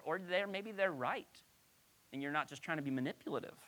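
A woman's voice: lowish voice, a little fast, fairly bright tone. A woman pastor giving a conversational Bible-teaching sermon, asking her listeners rhetorical questions.

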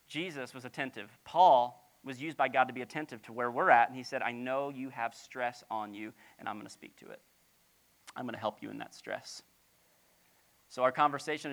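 Middle-aged pastor, sermon, lively swooping pitch, playful rhetorical questions. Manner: animated, with playful acted-out asides and rhetorical questions; drops to a soft, low voice on key lines.

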